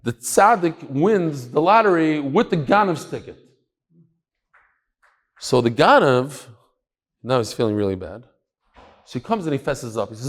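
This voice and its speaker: Animated man teaching Talmud in a lecture. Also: medium pitch, normal speed. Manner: lively, acts out the voices in his stories, shouts at the climax.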